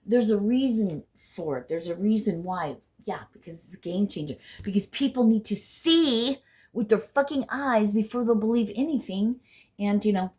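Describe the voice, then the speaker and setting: An intuitive card reader and healer gives her viewers a casual spiritual card reading in a medium-pitched voice. She rambles, swears freely, and swings between loud bursts and hushed asides.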